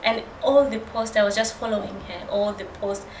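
A woman's voice: medium pitch, steady tone, normal speed, darkish tone. A woman guest earnestly telling her story in casual conversation. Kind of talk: casual chat. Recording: roomy with background noise.

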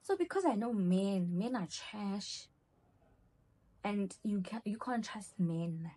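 Young woman, breathy, mid-pitched, animated storytelling. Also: slow. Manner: animated storyteller acting out quoted dialogue. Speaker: vlogger. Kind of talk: storytime vlog.

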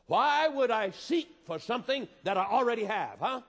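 A man preaching a sermon with passion, moving between loud appeals and hushed storytelling. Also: very high-pitched, lively intonation, moderate pace. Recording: reverberant hall.

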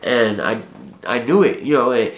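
Male vlogger, casual heartfelt storytelling, street slang and profanity, mid-pitched, roomy echo. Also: expressive, moderate pace. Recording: echoey room.

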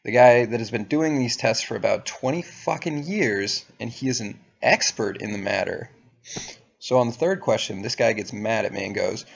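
A young man recounts a story to camera in a casual, profane, sardonic tone. His voice is gravelly and husky. The recording sounds dull and lo-fi. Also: lowish voice, normal speed. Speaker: vlogger.

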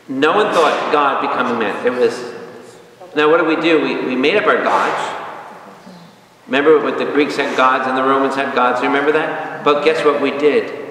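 A man, a priest, teaching a lively Bible study and quizzing his audience, recorded from a distance in a large room. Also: mid-range voice, slight background noise. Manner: asks the audience questions, spells out words, animated. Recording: echoey hall from far off.

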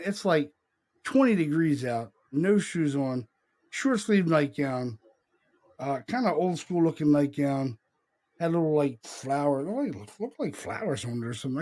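A middle-aged man hosting a podcast tells a rambling, casual story, swearing freely and addressing his listener as "man" and "dude." His voice is a little high with a darkish tone.

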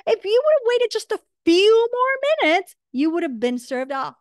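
A woman voicing an excited male beggar who exclaims in disbelief while telling a story in class. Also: very high-pitched, normal speed, no echo, studio quality, voice pushed up. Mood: incredulous. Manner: incredulous, exclaiming.

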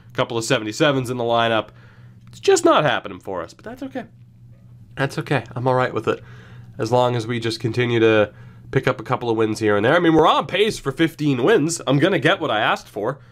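A man's voice: medium pitch, expressive, brisk. Young man, casual game commentary, wry, rambling, chuckles mid-word. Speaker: gaming YouTuber. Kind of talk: casual franchise-mode commentary.

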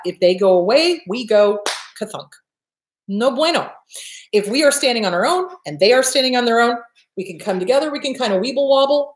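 A woman's voice: a little high, echoey room. A woman host giving blunt, profane advice in a casual talk, repeating her points for emphasis.

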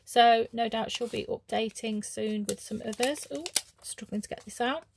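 A woman chatting casually as she opens craft mail, gushing with soft oohs and ums. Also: fairly high pitch, fairly even intonation, normal speed, gravelly, noisy background. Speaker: craft vlogger. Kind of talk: casual unboxing chat.

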